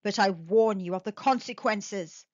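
A woman voicing a solemn old male soldier who speaks gruffly and gravely. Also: mid-range voice, unhurried, no room sound, close to an everyday voice. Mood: warning. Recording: dull dry recording.

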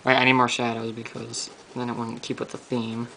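A man's voice: mid-range voice, monotone, a little fast, gravelly, background noise. A young man chatting casually while drawing, teasing and laughing often. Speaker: co-host drawing on video.

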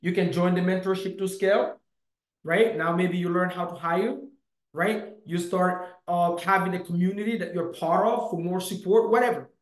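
A man coaching to camera in a punchy, emphatic way, with lots of "bam" and "boom". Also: moderate pace, roomy sound, poor audio. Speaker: real estate coach. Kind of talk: motivational teaching to camera.

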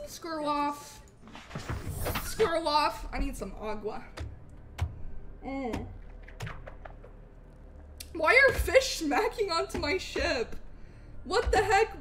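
A woman streaming a game live, chatting with viewers and swinging between loud greetings and low mutters. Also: a little hiss or hum. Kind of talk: live gameplay commentary.

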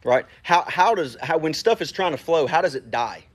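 A man preaching a casual, animated sermon to a congregation, talking straight to them in a conversational way. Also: on the high side, normal speed.

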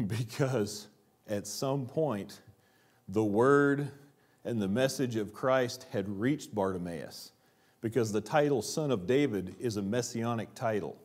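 A man preaching a church sermon, asking rhetorical questions and dropping his voice low for quiet emphasis. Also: slow. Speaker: pastor. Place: church sanctuary.

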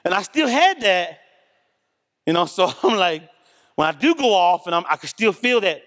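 A man giving a candid, animated testimony at a church service, a self-described loud talker. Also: sits high, normal speed. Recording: reverberant church hall.

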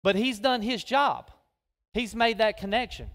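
A man preaches a sermon, folksy and animated, directing volunteers on the stage. His voice sits high for a man. The sound carries the long reverb of a large church hall. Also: measured pace. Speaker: guest preacher. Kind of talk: sermon with live skit.

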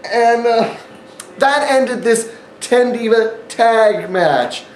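A man's voice: extremely high pitch, very slow, echoey room, slight background noise, poor audio. A man hosting a casual wrestling review monologue, sarcastic and rambling, with frequent fillers. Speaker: wrestling event reviewer, channel host.

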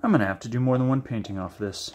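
A man hosts an acrylic paint-pouring channel, talking to the camera with real enthusiasm and thinking out loud while he mixes colors. His mid-range voice has a darkish tone and comes out in rapid-fire bursts during this casual demo.

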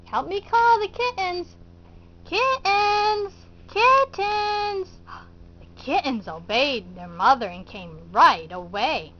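A woman's voice: a little high, sing-song, measured pace, sharp tone, slightly rough. A woman telling a preschool felt-board story in a sing-song way, coaxing the children to count, cheer and join in. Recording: dull lo-fi recording.

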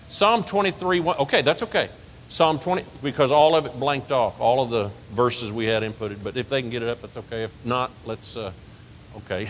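A man preaching a sermon as pastor, lively and conversational, asking the congregation questions and laughing along with them. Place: church sanctuary. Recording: reverberant church hall with faint rumble.

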